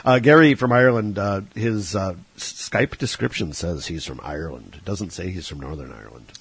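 Husky, low-voiced radio host, joking. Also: male voice, animated, moderate pace. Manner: joking, mock Irish accent. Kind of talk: casual radio chat.

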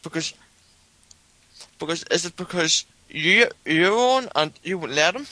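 A man's voice: fairly high pitch, expressive, unhurried, bright, forceful tone, no echo, pitched above the performer's own voice, poor audio. A man voicing a riled, stammering caller who keeps demanding answers. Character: pushy male caller, riled and high-voiced.

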